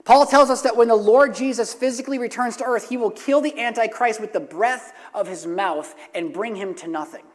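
A man's voice: very high voice, fairly quick, few pauses. A male pastor preaching a sermon, earnest, repeating key phrases for emphasis, in a church sanctuary. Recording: long hall reverb.

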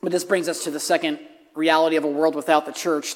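Brief: an earnest male pastor with a high voice, preaching a sermon in a reverberant church sanctuary. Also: little pitch movement, fast talker. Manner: earnest, repeats key phrases for emphasis. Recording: long hall reverb.

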